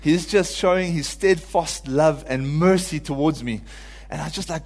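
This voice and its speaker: A man's voice: a little high, moderate pace, a little mellow. Earnest preacher man in a reverberant hall. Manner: earnest, builds to pleading cries when quoting. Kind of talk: informal sermon.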